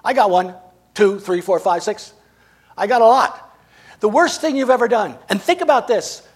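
Husky, high-voiced male preacher. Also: expressive, moderate pace. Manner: dramatic, swings between emphatic and hushed. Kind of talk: sermon.

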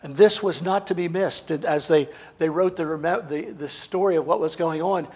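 A male preacher with a high, husky voice. He delivers a dramatic sermon, pressing hard on some lines and dropping to a near hush on others. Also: normal speed. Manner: dramatic, swings between emphatic and hushed.

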